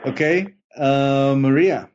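A man narrates a tabletop horror session as game master, slow and halting, often stopping on fillers as he feels for the next words. His voice sits at an ordinary male pitch and comes through a dull, lo-fi voice chat line. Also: darkish tone.

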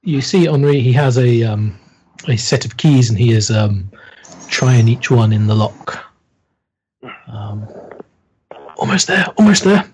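A man's voice: mid-range voice, a little slow, darkish tone, a little hiss or hum. A man narrating a tabletop horror game as game master, hesitant, with many ums.

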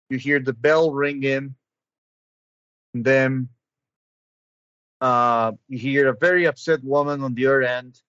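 A man narrating as game master of a tabletop game over an online call, measured and hesitant, with frequent ums. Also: mid-range voice, a bit bright, no room sound, dull audio.

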